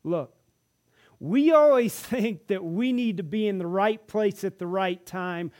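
Animated high-voiced male preacher. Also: measured pace. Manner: animated, acts out the characters' lines in the stories. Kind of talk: sermon storytelling. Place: church.

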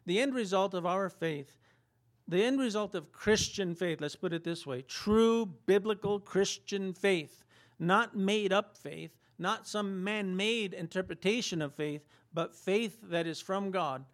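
A man's voice: high-pitched, unhurried. A man preaching a sermon in a conversational style, asking rhetorical questions and acting out quotes. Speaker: pastor.

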